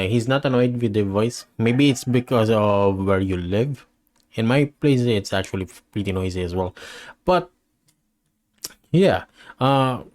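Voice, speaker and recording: A man with a somewhat low voice hosts a reaction video. He talks casually and muses out loud. He trails off and restarts often and laughs along the way. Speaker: reaction channel host.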